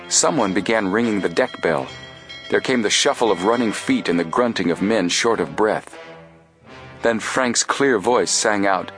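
Low-voiced guy reading an adventure audiobook, steady, faint music under it. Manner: steady, measured storytelling. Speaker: audiobook narrator. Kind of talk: scripted narration.

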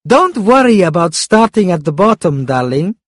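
A man's voice: high-pitched, very animated, normal speed, no room sound, voice pushed up. A man voicing a loving, hopeful young wife who soothes and encourages, in a dry recording. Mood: encouraging.

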